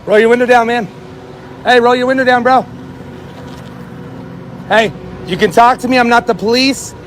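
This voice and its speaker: A man's voice: very high voice, fairly even intonation, moderate pace, a little hiss or hum. A man outdoors beside a car, aggressively demanding answers and mocking the person he confronts. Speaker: confronter in street footage.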